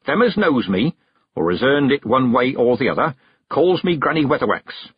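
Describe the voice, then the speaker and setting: Guy putting on a gruff bossy old witch lady, husky, dull dry audiobook sound. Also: mid-range voice, big pitch swings, dry recording, pitched above the performer's own voice. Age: older. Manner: brisk, commanding, clipped. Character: stern old woman witch, gruff and proud. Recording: dull, dry close recording.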